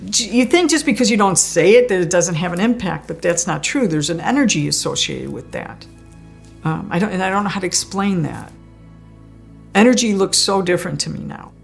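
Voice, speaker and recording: Soft music underscores a woman whose creaky voice sits on the low side and moves a little fast, sounding animated. She is a guest describing her near-death experience, narrating it casually and laughing a lot along the way.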